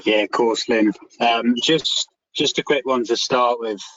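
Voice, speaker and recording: A man chairing a meeting and thanking presenters over a video call, relaxed and halting with many ums. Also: mid-range voice, slight background noise. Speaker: section chair hosting a meeting. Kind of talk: closing remarks on a video call. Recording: dull lo-fi call audio.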